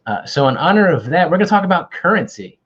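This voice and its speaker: A man hosts an online quiz with casual, joking banter, often teasing himself. His voice is a little high and a bit bright, with big pitch swings and a quick pace, though the recording is muffled.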